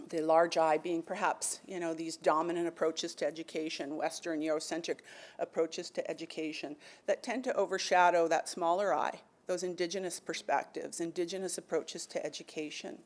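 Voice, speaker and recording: A woman's voice: low-pitched, fairly even intonation, normal speed. A woman speaker on an education panel, telling a traditional story with animation, then talking thoughtfully with many fillers. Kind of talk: oral storytelling and panel talk.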